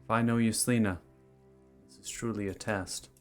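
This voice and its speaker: Guy doing a calm solemn guide, lowish voice, measured, faint music behind. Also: natural voice.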